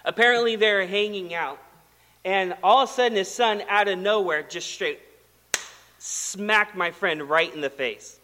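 Bright-voiced man preaching in a hall. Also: sits high, unhurried. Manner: conversational, animated storytelling with acted quotes. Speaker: pastor. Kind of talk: sermon.

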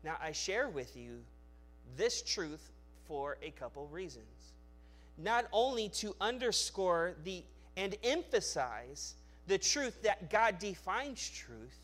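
A male pastor preaching a sermon, swinging between loud emphatic lines and quiet, low asides, with frequent restarts and repeated words. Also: very animated, takes it slowly.

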